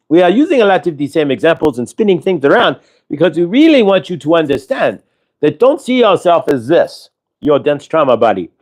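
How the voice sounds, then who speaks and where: This livestream host speaks for a channeled collective "we" in a meandering, repetitive way, voicing everyday conversations as quotes. The man has a mid-range, darkish voice.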